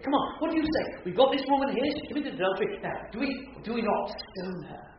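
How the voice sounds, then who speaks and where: A man's voice: fairly high pitch, slight background noise. A man preaching a sermon, retelling a scripture scene as a vivid story. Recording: echoey hall, far from mic, dull.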